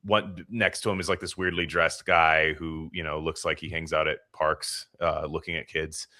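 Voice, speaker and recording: Bright-toned man in loose podcast chat. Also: extremely low pitch, little pitch movement, moderate pace. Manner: rambling storyteller, swears freely. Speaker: podcast co-host. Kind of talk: casual chat.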